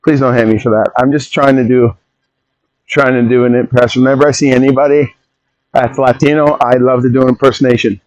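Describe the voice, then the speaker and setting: A man hosting a podcast in a casual rambling monologue, opinionated and quick to jump off on tangents and interrupt himself. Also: medium pitch, flat delivery, darkish tone, no room sound, rough recording. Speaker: podcast host.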